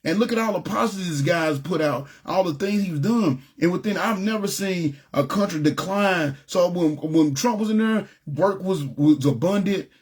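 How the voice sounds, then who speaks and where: A man teaches a casual Bible lesson to a ministry group, speaking conversationally and often checking in with "you know what I'm saying". His high-pitched voice has a breathy edge and moves at a moderate pace with few pauses.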